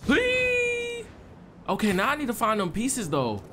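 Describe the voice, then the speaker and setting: A man giving casual let's-play commentary, excitable and full of slang, trash-talking enemies. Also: sits high, a little fast, a little hiss or hum. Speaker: gaming streamer.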